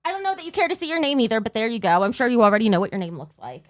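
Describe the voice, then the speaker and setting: A woman streamer chatting to her viewers, overtired and scattered, always losing her thread. Her voice sits a touch high and leaps up and down all over the place. The sound is dry and close, with no room around it. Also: expressive, racing, no echo. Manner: scattered, rambling, loses her train of thought; bursts into a mock auctioneer patter. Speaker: livestream host. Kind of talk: casual livestream chat.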